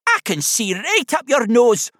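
A man voicing an old male teddy bear with a soft Scottish accent, prim, wry and well-spoken. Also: very high voice, sing-song, a little slow, no room sound, studio quality, voice pushed up, heavily acted.

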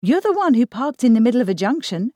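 A woman voicing a dignified librarian who snaps back quickly and indignantly in an audiobook. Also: on the low side, expressive, mellow, no echo, clean studio sound. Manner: indignant, snappy.

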